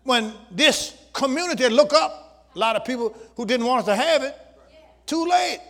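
High-pitched, bright-voiced preacher man. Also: animated, normal speed. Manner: preaching with call-and-response, shouting at peaks. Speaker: pastor. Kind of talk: sermon. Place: church sanctuary with congregation.

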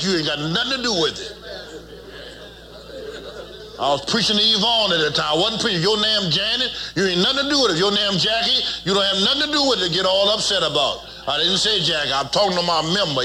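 A man's voice: high-pitched, lively intonation, brisk, a crowd in the background. A man preaching as a pastor, folksy and teasing, leading his congregation in call-and-response. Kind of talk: sermon.

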